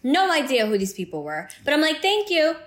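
A woman's voice: on the high side, very animated, fast talker. A woman co-hosting a podcast, telling a story in an upbeat, chatty way with playful swearing. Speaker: podcast co-host. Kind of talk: casual storytelling chat.

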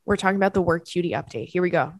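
A woman's voice: lowish voice, very fast, dry recording, clean studio sound. A young woman hosting a podcast, giving candid advice in a chatty, casual way with frequent swearing and asides. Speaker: podcast host.

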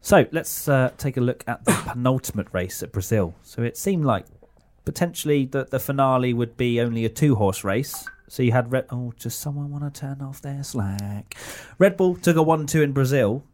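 A man's voice: medium pitch, expressive, normal speed, hardly any pauses, a little mellow. A man co-hosting a casual podcast, steering the talk and teasing his co-hosts. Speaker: podcast co-host.

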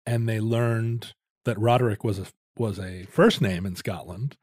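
A man's voice: fairly low pitch, unhurried, darkish tone, no room sound. A middle-aged man casually telling a rambling family story with dry jokes on a podcast.

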